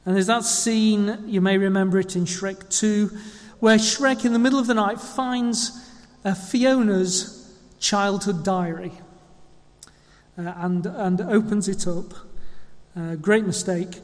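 A church leader delivers a sermon in a relaxed, chatty way, peppering it with ums and uhs. He is nursing a slight cold, and his voice sits high and a little squeaky. The sound rings out with the long reverb of a church hall. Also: slow pace. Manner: chatty, self-deprecating, with frequent ums and uhs. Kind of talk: conversational sermon.

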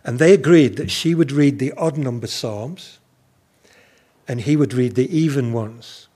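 A man preaching a sermon at a slow, measured pace, stressing his key questions. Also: medium pitch, mellow.

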